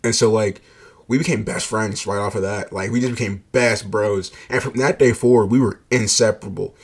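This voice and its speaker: A man's voice: lowish voice, steady tone, normal speed, slightly rough. A man casually telling a personal story, swearing freely, leaning on "like" and laughing along as he goes. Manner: laid-back, profane, heavy use of "like", laughs often.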